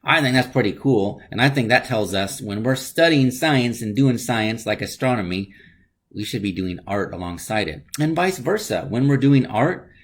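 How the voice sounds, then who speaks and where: A man's voice: mid-range voice, expressive, moderate pace, husky. A male teacher leading an online class for kids, talking in a casual, upbeat way and often checking in with "right?".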